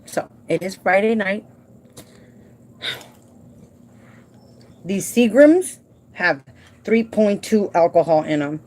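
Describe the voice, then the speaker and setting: A woman who works as a home care provider, talking casually and warmly to her viewers from home, emotional and halting at times. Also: medium pitch, expressive. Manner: emotional and heartfelt, addresses viewers as "you guys"; halting with repeated restarts when upset.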